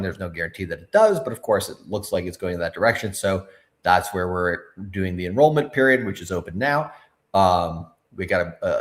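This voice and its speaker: A man co-hosting a livestream, talking loosely with frequent filler words and swearing. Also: deep voice. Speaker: co-host of a crypto livestream. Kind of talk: casual livestream chat.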